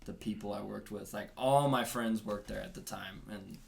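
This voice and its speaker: A man's voice: lowish voice, normal speed, gravelly, slight background noise. A man chatting as a podcast guest, rambling through a story and laughing often. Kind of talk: casual podcast chat.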